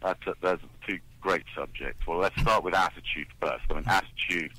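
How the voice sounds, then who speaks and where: A British man speaking as a sales director on a podcast from his office over a video call, lively and confident. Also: low-pitched, moderate pace, dry recording, low-quality recording. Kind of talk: interview answers.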